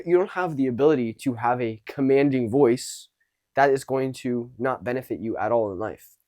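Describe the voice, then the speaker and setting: A man's voice: mid-range voice, a little mellow, no room sound. Man coaching, dry close sound. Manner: demonstrates tones of voice, shifting between unsure and commanding. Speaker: social skills coach. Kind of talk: casual teaching to camera.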